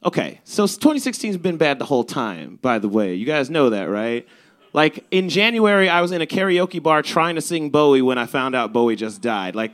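A man's voice: fairly high pitch, fairly bright tone. A young man from Chicago's South Side telling a comedic story at a live show, swearing and acting out the lines he quotes. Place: live show at a bar venue.

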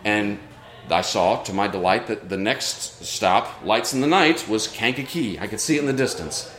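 A man's voice: medium pitch, animated, moderate pace, fairly bright tone. A man telling a personal story live on stage, earnest and reflective in tone. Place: live show at a brewery. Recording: roomy live venue sound.

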